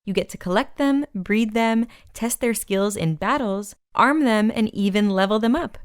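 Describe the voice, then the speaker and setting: Woman host reading weekly news off a script, dry close mic, middle pitch. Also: clean tone, no room sound. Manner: brisk scripted read of announcements and lists. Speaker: podcast host.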